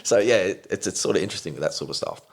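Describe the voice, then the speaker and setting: A man in a rapid, friendly back-and-forth on a podcast. He speaks quickly in a low register and keeps the tone matey and loose. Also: breathy edge. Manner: quick, chummy banter. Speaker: podcast co-host. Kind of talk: casual chat.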